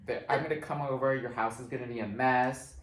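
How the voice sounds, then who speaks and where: A man co-hosting a casual chat, opinionated and profane, telling stories with lively swings into loud quoted voices. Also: medium pitch, brisk, reverberant, rough recording. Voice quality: animated, swings into loud mock voices when quoting. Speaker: podcast co-host.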